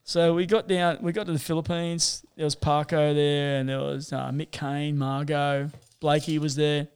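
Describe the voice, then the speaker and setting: A man's voice: on the high side, flat delivery, normal speed, darkish tone, smooth. A man telling rambling, sweary stories in a casual chat, full of fillers.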